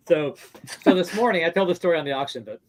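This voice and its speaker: A man's voice: a little high, animated, fast talker, rough recording. A male host telling stories in casual chat, rambling with frequent restarts and swearing freely.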